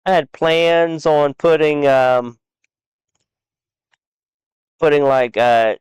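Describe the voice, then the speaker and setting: Male streamer, casual build tour, unhurried, very clear, dry close sound. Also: fairly high pitch, darkish tone, dry recording. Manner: rambling, halting with fillers. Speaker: game streamer.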